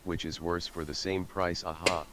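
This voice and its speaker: A rumbling, gruff mock-male voice that a woman puts on, dragging each word out in a flat, low drone. The streaming mic adds audible hiss behind it. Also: moderate pace. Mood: mock-serious. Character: deep gruff mock-male chat-reading voice.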